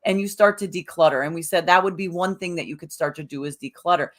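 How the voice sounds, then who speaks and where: A woman co-hosting a motivational podcast in a relaxed, conversational way, with fillers and restarts. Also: lowish voice, fast talker. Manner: conversational, with fillers and self-corrections. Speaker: podcast co-host. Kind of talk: casual motivational chat.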